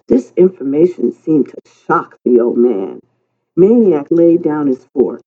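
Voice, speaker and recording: An audiobook narrator reading a story in a calm, unhurried way that turns lively in dialogue. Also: mid-range voice. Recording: tinny phone-like sound.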